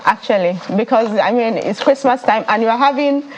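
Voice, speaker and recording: Lady on a morning show, chatty and giggly, kinda high pitched. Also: moderate pace, a little hiss or hum, low-quality recording. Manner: laughs often, chatty. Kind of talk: casual studio chat.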